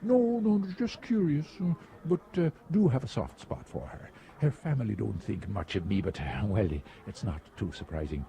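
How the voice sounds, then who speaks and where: A man's voice: lowish voice, sing-song, normal speed, creaky, few pauses, mellow. A man putting on a jaunty Irish charmer.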